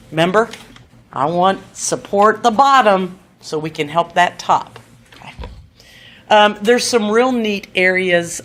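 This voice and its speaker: A woman leads a seminar in a lively teaching voice, acting out little lines to children and often checking in with "okay?" Her pitch sits in the middle for a woman. A faint hiss runs under the recording. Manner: animated, acts out quotes to children, frequent "okay?" checks. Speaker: seminar presenter. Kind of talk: lively teaching talk to an audience.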